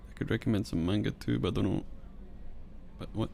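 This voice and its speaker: A man's voice: lowish voice, steady tone, quick pace, vocal fry, warm tone, a little hiss or hum. A man streaming a video game live, chatting casually and rambling, with mild swearing while he answers chat.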